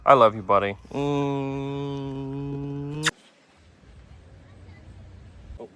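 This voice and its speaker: A man's voice: medium pitch, extremely slow. A man in a casual family vlog, joking and coaxing his kids, recorded on a handheld camera outdoors and in a store. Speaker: vlogger and father. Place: outdoors trick-or-treating, then a store. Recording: noisy handheld camera audio.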